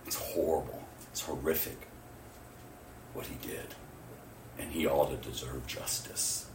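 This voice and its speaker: Male pastor mid-sermon, swings loud to hushed, distant mic in a roomy hall. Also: extremely low pitch, unhurried, vocal fry, long pauses, noisy background. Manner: swings from loud exclamations to hushed near-whispers, laughs often. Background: congregation responses.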